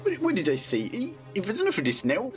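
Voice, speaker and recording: Casual streamer man, teasing, wildly swooping pitch. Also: huge pitch swings, quick pace, loud music behind the voice. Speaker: streamer co-host. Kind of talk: casual let's-play chat.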